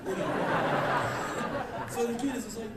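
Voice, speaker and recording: Man, live comic storytelling, animated, bursts of yelling, high and lively, far-off echoey club, crowd and noise. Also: slow. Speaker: spoken-word performer. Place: live club stage before an audience.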